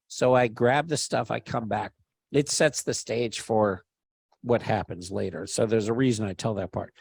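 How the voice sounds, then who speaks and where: A man telling a story in a casual chat, animated, swearing freely and loudly acting out the people he quotes. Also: fairly low pitch, normal speed, vocal fry, breathy edge, no echo. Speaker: podcast storyteller.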